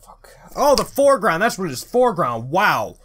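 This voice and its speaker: A man giving let's play commentary, excitable, swearing a lot and thinking aloud as he plays. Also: high-pitched, normal speed, a little hiss or hum. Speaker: gamer.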